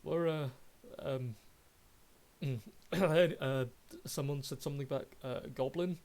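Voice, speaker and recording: A man's voice: mid-range voice, unhurried, darkish tone, pitched above the performer's own voice, close to an everyday voice. A man voicing a flustered, drunk male stranger at a camp who panics and stammers. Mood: nervous.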